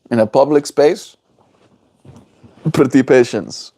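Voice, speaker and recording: A man's voice: mid-range voice, sing-song, slow, vocal fry, long pauses, darkish tone. A man chatting casually on his daily livestream, rambling and playful as he answers his chat. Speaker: daily streamer.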